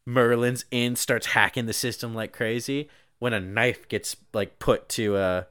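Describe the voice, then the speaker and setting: A man's voice: medium pitch, fairly even intonation, measured pace, a bit bright, clean tone, no echo, clean studio sound. A young man casually recapping a movie on a podcast, rambling and peppering his talk with "like" while acting out lines. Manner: rambling, heavy use of "like", acts out quotes. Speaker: podcast co-host.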